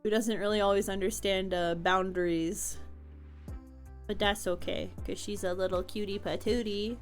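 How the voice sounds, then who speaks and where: A woman's voice: mid-range voice, steady tone, moderate pace, faint music behind. A young woman streamer chatting casually with her chat from home, answering comments and laughing often.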